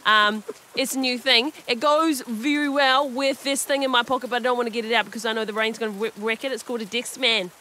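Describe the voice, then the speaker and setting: A brash young Australian woman, as a woman plays her in a comedy radio skit. She rambles cheerfully and calls everyone mate. Her voice is high and bright. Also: steady tone, fast, hardly any pauses, slight background noise. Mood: chummy.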